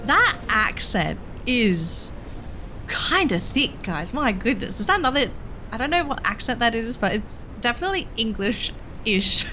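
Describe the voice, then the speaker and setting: A woman's voice: fairly high pitch, very animated, measured pace, sharp tone, slight background noise. A woman streamer giving casual, chatty let's-play commentary to her viewers. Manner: chatty, addresses viewers, frequent ums. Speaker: streamer playing a horse game.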